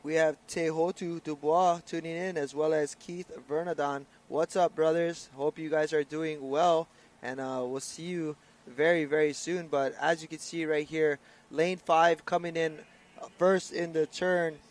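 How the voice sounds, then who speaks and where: A man's voice: on the high side, fairly even intonation, a little slow. A man doing upbeat live commentary on a canoe race, announcing lanes and crews.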